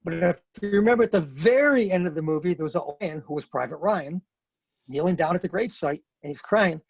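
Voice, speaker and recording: A retired Marine sergeant major, appearing as a podcast guest, talks in a blunt, husky voice that sits fairly high and moves fast. He's expressive and emphatic, repeating words to hammer a point home in conversational interview talk. The recording is dry and dull, with a lo-fi sound and no echo.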